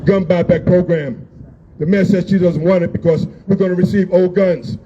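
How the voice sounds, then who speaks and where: A man's voice: sits high, steady tone, moderate pace, breathy edge. A man giving an emotional, blunt speech at an outdoor street rally, repeating his points and raising his voice. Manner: emotional, yelling, blunt and repetitive. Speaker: rally speaker. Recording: dull lo-fi sound with faint noise.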